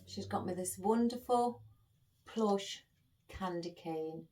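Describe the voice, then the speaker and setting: A woman's voice: medium pitch, slow, mellow. A woman florist chatting to her viewers in a casual vlog, emotional and holding back tears. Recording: voice a bit far from the mic.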